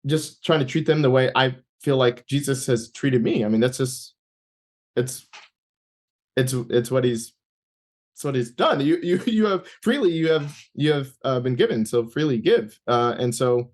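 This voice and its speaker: A man as an interview guest, telling a personal story in conversation with many fillers and restarts. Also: on the high side. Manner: halting, many fillers and restarts, laughs while talking.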